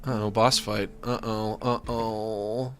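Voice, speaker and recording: A man streaming a video game, thinking aloud in an animated, self-mocking way with sudden exclamations. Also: on the low side, takes it slowly, a little hiss or hum. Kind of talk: let's-play commentary.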